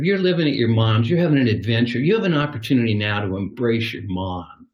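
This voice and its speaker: An older man who is a guest on a podcast, giving reflective advice and telling little stories where he acts out the voices. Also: medium pitch. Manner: storytelling, acts out little scenes. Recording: roomy echo.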